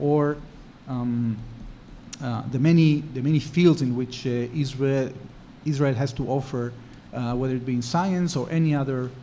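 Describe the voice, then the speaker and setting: Halting male panel moderator, mellow voice. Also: medium pitch, a little hiss or hum. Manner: halting, many fillers. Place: conference hall.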